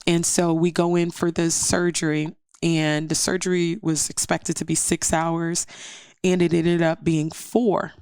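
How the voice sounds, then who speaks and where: A middle-aged woman sharing a personal testimony as a podcast guest, animated and acting out the voices in her story. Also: fairly low pitch, measured pace, smooth, no room sound, studio quality.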